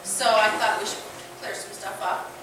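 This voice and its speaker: A middle-aged woman, a comedian's wife, giving a halting speech at a comedy show, full of fillers. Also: medium pitch, steady tone, heavy background noise. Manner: halting, with frequent fillers and laughs. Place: comedy club stage. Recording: echoey club from far off.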